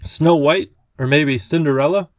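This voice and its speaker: A man voicing a cheerful, eccentric little old gentleman with a courtly, genial way of talking. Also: on the high side, normal speed, no room sound, voice pushed up, close to an everyday voice.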